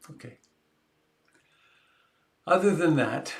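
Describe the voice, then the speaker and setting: A man hosting a meditation group over a video call, chatting casually in an unhurried, rambling and joking way. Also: medium pitch, vocal fry, bright, forceful tone.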